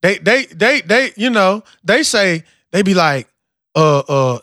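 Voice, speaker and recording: A man leads a casual roundtable, pressing his points hard with profanity and repeated words. His voice sits very high and sounds bright and forceful. The recording is dry and close. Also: sing-song, slow, no room sound.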